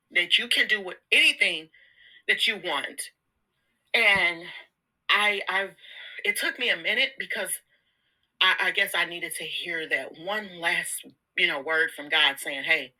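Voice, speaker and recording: A woman's voice: on the low side, bright, forceful tone, rough recording. A woman vlogging a casual motivational talk, candid and slangy, laughing often and repeating words. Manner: slangy, informal. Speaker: self-help vlogger.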